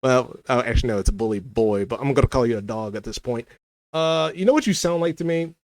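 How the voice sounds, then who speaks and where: A man's voice: mid-range voice, quick pace, dry recording. Heated man ranting, dry close sound. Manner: heated, argumentative, repeats himself. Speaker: commentary creator. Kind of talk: ranting commentary to camera.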